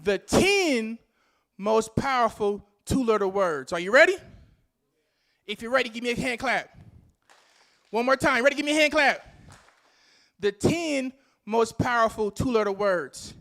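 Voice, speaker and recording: A man with a strikingly high voice delivers a rousing motivational speech to a live conference audience. He calls out questions to the crowd and hammers his key phrases again and again. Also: lively intonation, measured pace, pauses often, a bit bright. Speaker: conference speaker.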